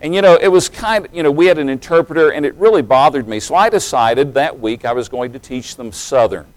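A man's voice: a little high, fairly quick, no echo, low-quality recording. A man around forty from East Tennessee with a general American accent, preaching a sermon in a folksy, humorous way that builds into emphatic preaching. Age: late 30s to early 40s.

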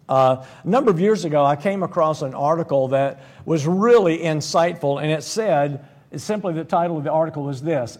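A man's voice: a little high, darkish tone. A man preaching a sermon in a conversational, folksy way, with humorous one-liners and frequent restarts.

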